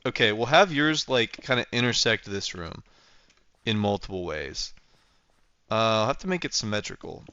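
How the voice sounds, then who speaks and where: A man's voice: fairly low pitch, animated, moderate pace, pushed and bright, clear, resonant tone, no room sound, highs cut off. A young man livestreaming a game, chatting casually and rambling playfully as he thinks aloud while building. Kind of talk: casual gameplay livestream chat.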